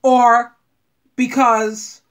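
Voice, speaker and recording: A middle-aged woman giving blunt, animated relationship advice straight to her viewers. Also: fairly high pitch, very slow. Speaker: advice vlogger. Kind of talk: frank advice monologue.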